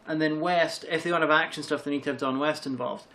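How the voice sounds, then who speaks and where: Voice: medium pitch, steady tone, fast, pushed and bright. An adult co-reviewer in casual film chat who makes careful, hedging points with many restarts.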